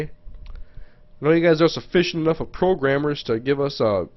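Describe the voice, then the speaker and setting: A man's voice: on the high side, fairly quick, highs cut off. A man casually commenting on a live stream, muttering to himself as he browses and reading viewers' questions aloud. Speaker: gaming livestreamer. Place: home.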